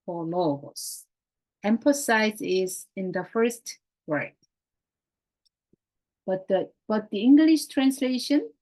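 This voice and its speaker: A woman with a fairly high voice leads a grammar class at an unhurried pace. She repeats key words and phrases patiently. She speaks English as a second language, with Korean as her first. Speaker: Greek teacher.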